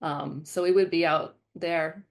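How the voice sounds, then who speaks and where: Midwest woman giving a talk, low gravelly voice, acts out what she said back then. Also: measured pace. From American Midwest. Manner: storytelling, animated quoting of past self. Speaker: guest speaker. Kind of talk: lecture talk.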